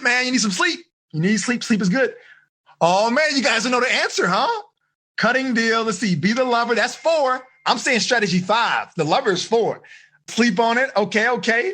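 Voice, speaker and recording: A man with a high, bright voice and a slightly husky edge coaches a room of teenagers. He talks with lots of energy, pushing them for high fives and answers, and acts out short scenes to make his points. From United States. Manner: animated, coaxing the audience, acts out quoted voices. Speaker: life coach teaching a teen seminar. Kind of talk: energetic live seminar talk.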